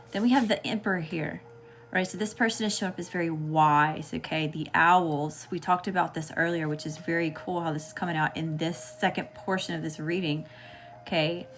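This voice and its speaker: A woman's voice: on the low side, fairly bright tone, a little hiss or hum. A woman with a Southern US accent giving a live tarot reading, casual and chatty, often checking in with her viewers. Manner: casual, keeps checking in with "okay?" and greeting chat. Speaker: tarot reader.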